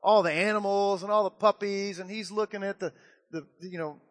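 A man's voice: high-pitched, fairly quick, in a large hall. A man preaching a sermon as pastor, telling a story and acting out its voices. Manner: animated storytelling with acted-out quotes.

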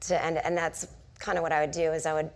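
A woman's voice: deep voice, level tone, fast. A woman in her forties, a comedian and author, telling rambling self-mocking stories in an onstage conversation before a live audience. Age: 40s. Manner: chatty storytelling full of "like" and self-mocking asides.

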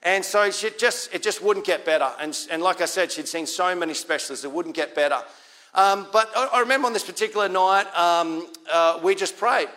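A man's voice: high-pitched, brisk, sharp tone. A man with an Australian accent preaching a sermon as pastor, in a conversational way, repeating key lines for emphasis.

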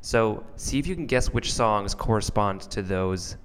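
A man hosting a casual podcast, rambling and halting with fillers. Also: fairly low pitch, a bit bright, big-room sound, slight background noise. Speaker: podcast host.

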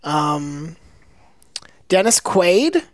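A woman co-hosting a podcast in casual chat, wry and quick to laugh. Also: dry recording. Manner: wry, laughs often, lively pitch. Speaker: podcast co-host.

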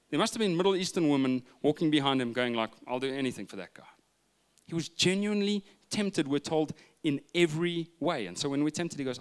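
Guy preaching, jokey storyteller, drops to quiet bits then gets loud again. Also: on the high side. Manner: humorous storytelling, shifting from loud asides to hushed retelling. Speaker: pastor. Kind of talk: sermon.

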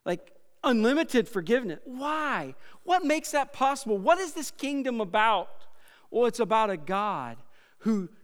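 A high, smooth-voiced man preaches a sermon, dropping to quiet remarks and then rising to loud, emphatic passages. His voice rings out with a long reverb, as if filling a large church sanctuary. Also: big pitch swings, unhurried. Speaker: pastor.

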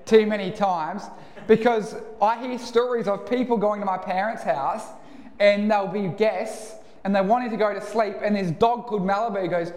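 A higher-voiced Australian man preaching a relaxed, storytelling sermon. His voice fills a roomy church hall, with a long reverb behind each phrase. He sounds easy and conversational rather than formal. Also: moderate pace. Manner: casual and storytelling. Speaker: pastor. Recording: echoey church hall, live.

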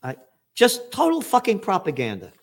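A male commentator in the middle of a political rant, with a voice sitting a little high for a man. He talks with biting sarcasm and heavy profanity. His delivery climbs into angry shouts. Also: wildly swooping pitch, moderate pace, vocal fry.

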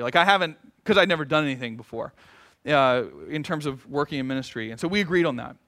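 Male pastor, middle-aged, high bright voice, animated storytelling with jokey asides. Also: fast. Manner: storytelling with humorous asides and acted-out quotes. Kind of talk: sermon.

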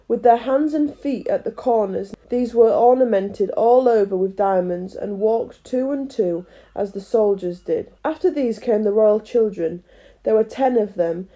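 A woman's voice: medium pitch, mellow. A woman reading a children's classic aloud, chatty and self-deprecating between chapters. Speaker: audiobook reader. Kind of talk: chatty intro then storybook reading.

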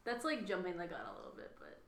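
A woman's voice: on the low side, huge pitch swings, fast, creaky, a bit bright, a little hiss or hum. A young woman co-hosting a casual movie podcast, dropping dry quips and short replies. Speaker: podcast co-host. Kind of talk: casual movie review chat. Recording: echoey room.

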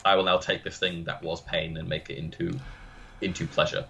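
A man's voice: sits low, flat delivery, a little fast, creaky, fairly bright tone, slight background noise. A man co-hosting a podcast who recounts film scenes in detail with enthusiasm and swears casually. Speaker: podcast co-host.

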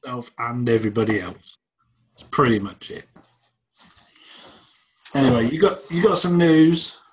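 A podcast co-host with a mid-range, husky voice chats casually, teasing his partner and ranting while swearing freely. He sounds animated and speaks at a normal speed.

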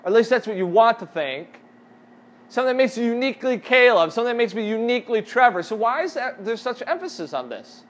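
A man's voice: extremely high pitch, sing-song, quick pace. A man as youth pastor, giving a casual sermon and asking the audience questions.

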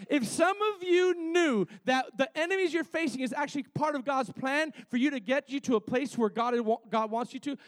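Very high-voiced fervent male preacher. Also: no room sound. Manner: fervent, repeats phrases, calls for amen. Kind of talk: sermon.

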